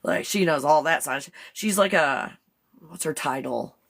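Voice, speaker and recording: A woman's voice: low-pitched, measured pace, vocal fry, a bit bright. A woman hosting a casual live stream, chatty and rambling, often giggling and breaking off to talk to her dog. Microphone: phone.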